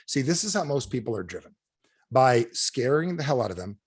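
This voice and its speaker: A man giving an energetic sales training talk over a video call, firing questions at his audience. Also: medium pitch, a little fast, breathy edge, no echo, studio quality. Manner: animated, asks the audience repeated questions. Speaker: motivational speaker.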